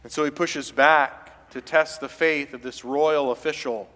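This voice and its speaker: A man preaches from the pulpit, his voice high and piercing. He swells into loud, urgent passages and carries long reverb from the church hall around him. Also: fairly even intonation, unhurried. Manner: preaching with rising intensity, voicing quoted pleas loudly. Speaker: pastor. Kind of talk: sermon.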